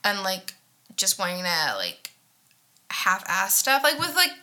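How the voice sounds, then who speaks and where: Twenties woman chatting, lots of likes and swearing, bright voice, pitch all over the place. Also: measured pace. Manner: swears a lot, lots of "like" fillers, animated and self-mocking. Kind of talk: casual chat.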